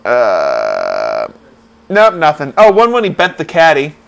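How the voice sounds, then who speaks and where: A man's voice: on the high side, huge pitch swings, slow, creaky. A young man co-hosting a casual chat show, blunt and sarcastic in his remarks. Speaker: co-host.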